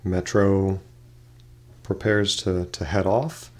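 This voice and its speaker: A man's voice: low voice, fairly even intonation, takes it slowly, darkish tone. A man narrating a role-play game casually as game master, in a loose, hesitant way. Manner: loose, hesitant, full of "kinda like".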